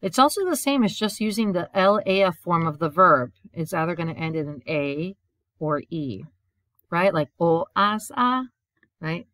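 A woman's voice: fairly low pitch, animated, moderate pace, fairly bright tone, no echo. A woman teaching a recorded language grammar lesson. She explains step by step, repeats a memory rhyme and often checks in with "right?". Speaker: Spanish teacher.

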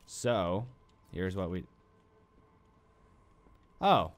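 A man's voice: low voice, animated, extremely slow. A young adult man giving let's play commentary, rambling and self-mocking and talking back to the game. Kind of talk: gaming commentary.

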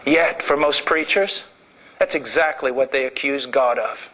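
A middle-aged man from Illinois preaching a sermon, swinging from fervent shouting to low, intense speech. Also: measured pace, poor audio. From Illinois, United States.

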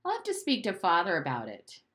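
A woman's voice: huge pitch swings, a little fast, fairly bright tone. A woman reading aloud, voicing a curious, naive nine-year-old boy in a storybook. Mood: eager. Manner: eager, high-pitched, questioning.

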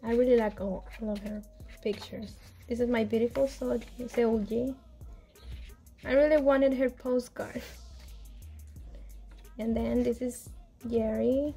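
Excitable woman unboxing, soft music. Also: a little high. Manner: excitable, pleading, laughing often. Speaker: vlogger. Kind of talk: casual unboxing chat.

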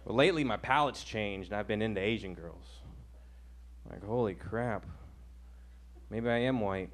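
A man's voice: on the low side, normal speed, background noise. A man in his twenties doing a stand-up set, talking casually and filling his lines with "like" and "you know.". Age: 20s. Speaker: stand-up comedian. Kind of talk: stand-up routine.

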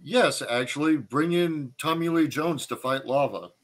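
Slow-talking man, measured jokes. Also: fairly high pitch. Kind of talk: casual chat.

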